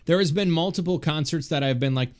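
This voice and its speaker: A man co-hosting a podcast, chatting casually about music in a hesitant, low-key way with many pauses. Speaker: podcast co-host.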